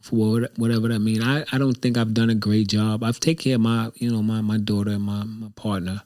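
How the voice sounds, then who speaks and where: A man's voice: fairly low pitch, little pitch movement, fairly quick, a little mellow. A man hosting his own show, talking in a casual, reflective monologue that rambles and repeats itself candidly. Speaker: show host.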